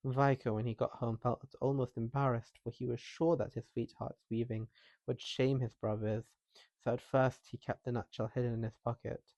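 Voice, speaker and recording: A man reading a folktale aloud in calm scripted narration, with a soft and calming manner. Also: mid-range voice, moderate pace, dry recording, muffled recording. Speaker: storyteller.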